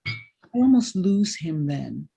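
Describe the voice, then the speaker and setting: A woman therapist in a session, reflecting back feelings in a slow, empathic way over a video call. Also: low voice, very animated, gravelly, mellow, husky.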